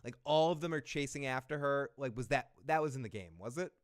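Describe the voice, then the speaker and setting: A man hosting a casual recap chat, excitable and joking, with loose swearing. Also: medium pitch, brisk. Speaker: podcast host.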